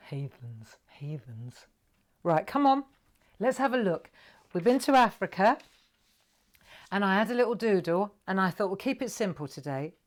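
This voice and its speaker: A woman's voice: medium pitch, lively intonation, normal speed, pauses often. Chatty woman hosting a craft stream. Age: middle-aged. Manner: chatty, greets viewers brightly, drops to whispers. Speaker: craft livestream host.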